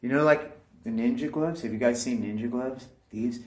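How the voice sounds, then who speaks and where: Male vlogger, loose rambling talk to camera, heavy swearing, keeps saying "dude", mid-pitched voice. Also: moderate pace, darkish tone. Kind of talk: casual rambling monologue to camera.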